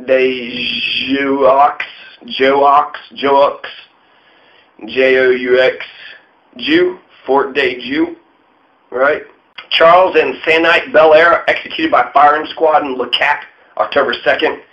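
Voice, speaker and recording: A man's voice: medium pitch, fairly even intonation, slow. A man giving a profane, irreverent casual history monologue, full of mocking asides. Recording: dull lo-fi sound.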